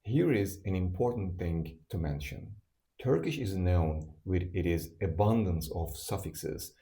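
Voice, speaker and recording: Slow, deep-voiced male language teacher. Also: mellow. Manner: slow, deliberate, repeats each example word for learners. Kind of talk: scripted language lesson.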